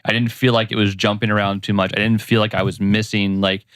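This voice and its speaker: A man's voice: on the low side, little pitch movement, fast, a bit bright, no room sound, studio quality. A man co-hosting a casual movie review podcast, laughing easily and acting out little quotes as he talks. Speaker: podcast co-host.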